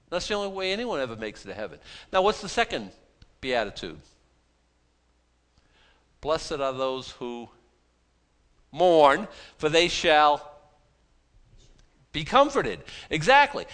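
A man preaching an expository sermon, animated, with frequent restarts and acted-out pleas. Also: a little high, measured pace. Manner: animated, dramatizes pleas in voiced asides; frequent restarts and repeated words. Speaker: pastor.

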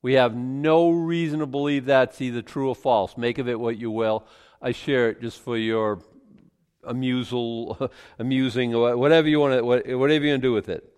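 A man preaching a sermon, reading scripture aloud and commenting in an animated way, chuckling often and restarting his sentences. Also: medium pitch, normal speed, clear, resonant tone. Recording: long reverb from a large hall.

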